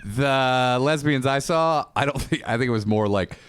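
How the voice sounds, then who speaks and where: A man co-hosting a comedy podcast, telling crude stories in a casual, deadpan way. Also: medium pitch, moderate pace, smooth. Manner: crude, deadpan storytelling with acted quotes. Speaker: podcast co-host.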